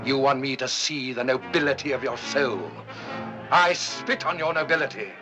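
A man's voice: mid-range voice, moderate pace, over music, close to an everyday voice. An actor playing a relentless, proud male police inspector who speaks with cold contempt. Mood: contemptuous.

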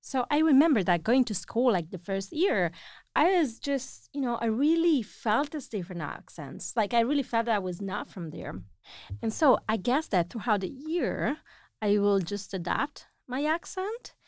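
A chatty Italian woman whose first language is Italian speaks in a high-ish, sing-song voice at normal speed, recorded dry in clean studio sound. She's a language teacher telling stories casually, laughing often, with many fillers and restarts.

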